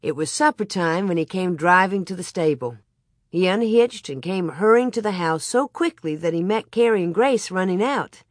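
With a lowish voice, this female audiobook narrator performs scripted storybook narration in a measured, expressive way. The studio recording is clean and free of echo.

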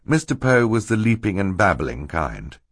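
A man's voice: on the low side, very animated, normal speed, slightly rough, no room sound, clean studio sound. A man reading a story aloud in a wry, dryly ironic way. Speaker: audiobook narrator. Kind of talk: scripted narration.

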